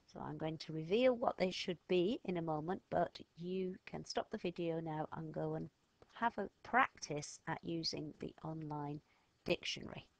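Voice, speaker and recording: A woman's voice: sits low, vocal fry, no room sound. Patient woman teaching children. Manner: patient, sounds words out slowly and emphatically. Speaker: French teacher. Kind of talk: recorded language lesson for children.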